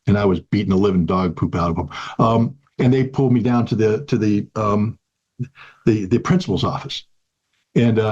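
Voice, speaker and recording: An American man in his sixties, a guest in an interview, tells a personal story earnestly and emphatically, repeating key phrases. His voice is mid-range and darkish with a breathy edge, and the highs are cut off.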